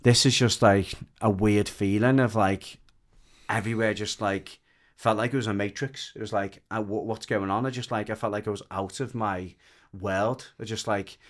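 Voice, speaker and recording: British male guest, low voice, casual rambling storyteller, emotional retelling. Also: fairly even intonation, moderate pace. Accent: British English. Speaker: podcast guest.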